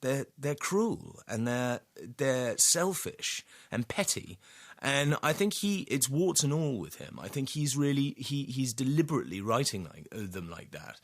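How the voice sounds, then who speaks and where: An actor talking as a radio interview guest, thoughtful and full of restarts. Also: male voice, mid-range voice, sing-song, unhurried. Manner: thoughtful, rambling with many restarts.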